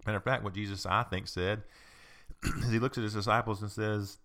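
A man's voice: lowish voice, fairly even intonation, fairly quick, fairly bright tone. A man hosting a podcast, giving a conversational teaching talk and repeating his points for emphasis. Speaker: podcast host.

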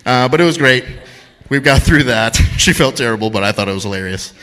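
A man's voice: medium pitch, lively intonation, a little fast, a bit bright, soft background music. A man telling a self-mocking story on stage at a live storytelling event, laughing at his own mishaps.

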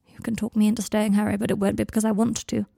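A woman voicing a guarded young man who speaks in a quiet, hollow, subdued way. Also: medium pitch, little pitch movement, very fast, vocal fry, slightly rough, no room sound, clean studio sound.

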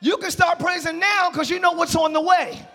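A male pastor preaching a live church sermon, exhorting and shouting to the congregation, then dropping into quieter conversational asides. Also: very high voice, fairly even intonation, normal speed. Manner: drops to a quiet conversational tone between shouted passages. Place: church sanctuary.

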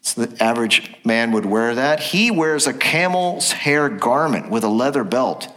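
A man with a bright, forward voice, preaching a sermon in church. He works through scripture and stops to ask the congregation questions. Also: mid-range voice, lively intonation, unhurried. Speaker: pastor.

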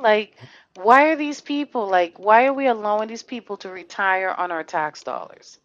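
A woman's voice: mid-range voice, moderate pace, dull audio. A woman hosting a casual podcast, talking in a heated, blunt and profane way, firing off rhetorical questions. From Connecticut. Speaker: podcast host.

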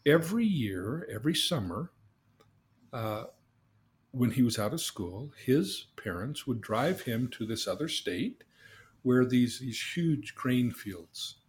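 A man hosting a podcast, telling a long story in an animated way, often repeating words as he starts a thought. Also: mid-range voice, slow. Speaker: host.

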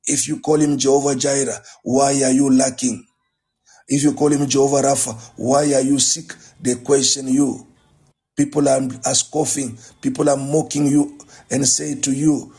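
A male pastor giving a morning sermon and prayer, slow and deliberate, repeating his phrases. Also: medium pitch, creaky, warm tone.

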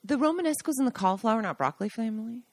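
A woman's voice: on the high side, animated, very fast, no echo. A woman co-hosting a casual podcast, playful and often chiming in. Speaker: podcast co-host. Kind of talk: casual chat.

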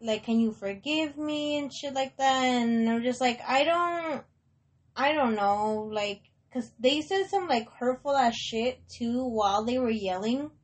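Slow-talking young woman telling a story. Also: on the high side. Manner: rambling, heavy swearing, many likes and restarts; mixes Spanish words into English. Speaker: podcast host. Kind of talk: casual personal storytelling.

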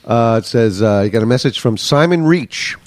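A man's voice: mid-range voice, lively intonation, normal speed, darkish tone, no echo, clean studio sound. A man co-hosting a casual podcast, joking around and reading a listener's letter aloud. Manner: jokey, slips into comic put-on voices. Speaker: podcast co-host.

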